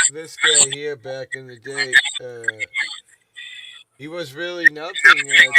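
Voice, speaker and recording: A man chats slowly and loosely on a live stream, stopping often for fillers. His voice sits a little way from the mic, and loud noise runs under it. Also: mid-range voice, far from the mic. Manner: rambling, halting, with many fillers. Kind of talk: casual live-stream chat.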